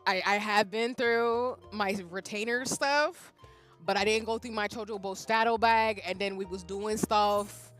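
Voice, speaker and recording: A woman streaming a game, chatting casually with her viewers in a playful, flustered way that breaks into loud bursts. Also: medium pitch, fairly even intonation, measured pace. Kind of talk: casual livestream chat while gaming. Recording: music playing behind.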